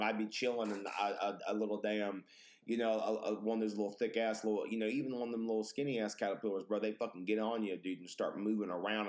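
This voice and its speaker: Low-voiced man telling profane stories. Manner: animated, profane, exaggerated storytelling. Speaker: podcast host. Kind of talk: casual storytelling chat.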